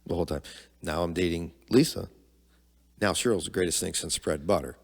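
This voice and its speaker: Deep-voiced middle-aged man telling a story. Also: a little fast, big-room sound. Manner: candid, conversational, acts out quoted dialogue. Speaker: podcast guest, father of the host. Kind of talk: personal storytelling.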